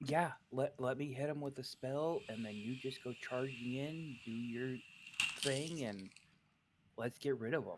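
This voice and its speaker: A man's voice: mid-range voice, a little slow, heavy background noise. A man playing a tabletop game, casually planning his moves with the others. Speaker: player.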